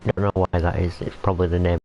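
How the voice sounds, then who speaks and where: Deep-voiced and flat, a young man talks fast while streaming a train game, chatting casually, rambling, and addressing the on-screen characters. The recording sounds muffled and lo-fi, with faint hiss.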